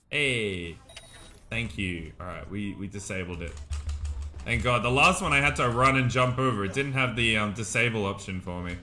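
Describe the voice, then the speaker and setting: Excitable guy streaming a game, super bright voice, bit of hiss in the background. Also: on the low side. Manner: excitable, exclaims and laughs often. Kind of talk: casual gameplay commentary.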